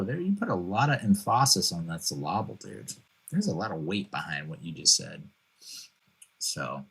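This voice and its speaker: Podcast host, male, 40s, husky lower voice, lively and exasperated storytelling. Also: rough recording. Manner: animated, exasperated, jokey asides. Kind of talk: casual storytelling monologue.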